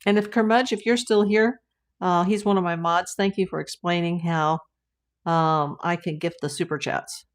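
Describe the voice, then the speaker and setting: A woman's voice: lowish voice, steady tone, normal speed. A woman hosting a casual livestream, chatting with viewers, reading their comments aloud and greeting them by name. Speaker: livestream host.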